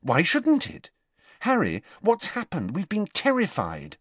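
A man's voice: medium pitch, big pitch swings, normal speed, husky, no echo, voice pushed up. A man putting on the voice of an anxious, clever teenage girl, speaking in a raised, earnest, fussing tone.

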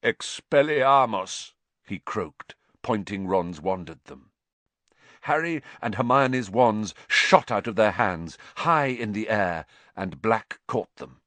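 A man reading a story aloud as narrator, measured and expressive. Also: lowish voice, dry recording. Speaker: audiobook narrator. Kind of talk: scripted narration.

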